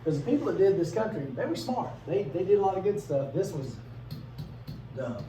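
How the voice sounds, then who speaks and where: A man's voice: sits high, very animated, dark tone, faint music behind. A man teaching a class in a casual, conversational way, asking his students questions and briefly acting out voices. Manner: conversational, asks the class questions, acts out quick bits in funny voices. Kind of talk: classroom lecture. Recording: echoey classroom from a distance, faint room noise.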